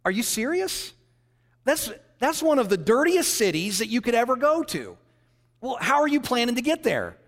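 A dismissive know-it-all beautician, played by a man telling a joke from the pulpit. She scoffs at every plan in a high, swooping voice. The sound rings with long reverb from a large hall. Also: very animated, moderate pace, a bit bright, full character voice. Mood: scornful.

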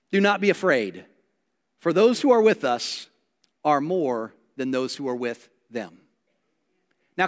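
A man preaching a sermon as a pastor, telling a Bible story with animated delivery and acting out the lines of its characters. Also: high-pitched. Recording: long reverb of a large hall.

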